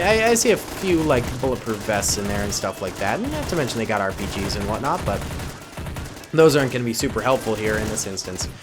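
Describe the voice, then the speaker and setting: Goofy young guy in his 20s chatting over a game, gunfire going off behind him. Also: mid-range voice. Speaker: gaming YouTuber. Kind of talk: casual game commentary. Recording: gunfire and battle noise under voice. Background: game gunfire and explosions.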